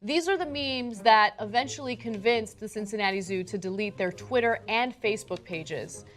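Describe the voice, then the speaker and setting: An American woman co-hosting an online commentary show. She talks casually in a mid-range voice and pauses on fillers. Faint music sits underneath. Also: mid-range voice. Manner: relaxed, with hesitant fillers. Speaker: co-host.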